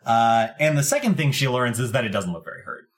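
A man runs a tabletop game, describing the scene in a loose, laid-back way. He hesitates often as he thinks. His voice sits at an ordinary middle pitch. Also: lively intonation, quick pace. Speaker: game master.

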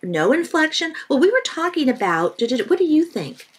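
Animated, high-voiced woman guest telling stories. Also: a little fast. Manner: animated storytelling with emphatic repetition. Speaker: parenting author and guest. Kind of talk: podcast interview.

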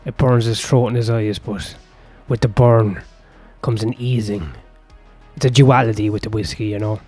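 A man's voice: fairly low pitch, steady tone, moderate pace, warm tone, slightly rough, faint music behind. A man improvising a spoken story, rambling with profane asides and breaking off to comment on his own tale.

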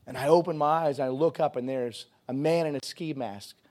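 A man preaching a sermon, telling his own testimony with halting restarts that build into a fervent preaching cadence. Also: a little high, a little mellow.

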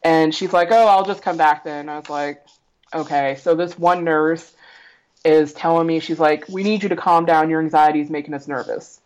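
Low-voiced woman telling a blunt story. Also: steady tone, normal speed, darkish tone, clean tone, low-quality recording. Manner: blunt and profane, often laughing, acts out quoted voices. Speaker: podcast guest. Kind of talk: candid personal storytelling.

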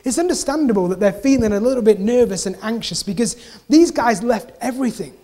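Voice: medium pitch, brisk. Preacher repeating lines for emphasis. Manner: repeats key phrases for emphasis; relaxed, chatty asides. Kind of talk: conversational sermon.

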